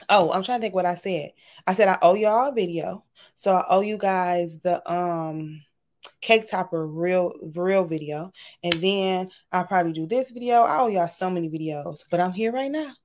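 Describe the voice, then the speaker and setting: A woman's voice: fairly low pitch, normal speed. Woman, livestream craft host, chatty, greets viewers, laptop mic at home. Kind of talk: casual livestream chat. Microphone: webcam or laptop camera.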